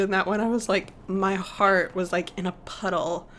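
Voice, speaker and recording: A woman's voice: mid-range voice, moderate pace, slight background noise. A woman hosting a let's play, commenting casually and gushing emotionally over the scenes. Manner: gushing, emotional, full of exclamations.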